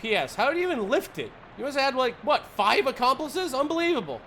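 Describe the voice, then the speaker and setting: A man's voice: extremely high pitch, very animated, quick pace, fairly bright tone, slight background noise, pitched above the performer's own voice, full character voice. A man voicing a blustering male newspaper editor-in-chief, reading his firing notes in a brash, bossy way.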